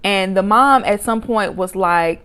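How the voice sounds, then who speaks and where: A woman giving a casual, opinionated recap of a reality show, expressive and sassy, jumping up high in pitch when she exclaims. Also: measured pace, clean tone.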